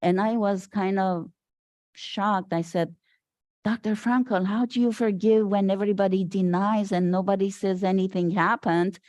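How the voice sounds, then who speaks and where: An older woman from Syria, a guest speaker giving an animated storytelling talk at a Sunday service, acting out the voices she quotes. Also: medium pitch, unhurried, no echo, studio quality. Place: spiritual center meeting hall.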